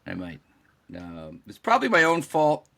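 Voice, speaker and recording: A man's voice: on the high side, wildly swooping pitch, normal speed, gravelly, bright, forceful tone. A man co-hosting a podcast, telling a story casually, acting out the quoted dialogue and swearing freely. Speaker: podcast co-host.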